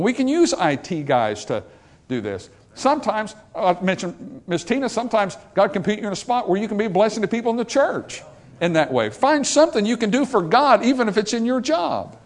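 An older man with a high-sitting voice preaches a sermon as pastor. He is emphatic and repetitive, driving his points home with rhetorical questions.

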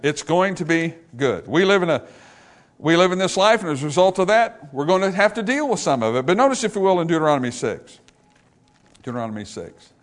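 A man preaching a sermon as pastor, moving from steady Bible teaching to loud, emphatic repetition with questions to the congregation. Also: sits high, a little fast.

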